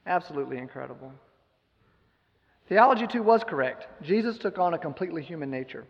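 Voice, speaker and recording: A man's voice: fairly high pitch, expressive, fast talker, in a large hall, dull audio. A man giving a sermon, retelling a scripture story with emphatic rhetorical questions. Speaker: preacher.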